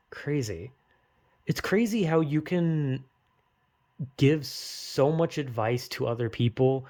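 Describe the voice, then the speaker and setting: A man's voice: medium pitch, darkish tone. Rambling young man venting about fear. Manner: rambling, swears a lot, self-critical; urgent, pep-talk bursts. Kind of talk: emotional personal monologue.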